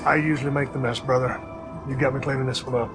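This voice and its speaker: A man's voice: medium pitch, level tone, fast talker, close to an everyday voice. Cursing soldier boss played by a man, tired and blunt, movie score under it. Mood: irritated. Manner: blunt and profane. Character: gruff, weary male soldier commander, swearing. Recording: film soundtrack with music under it.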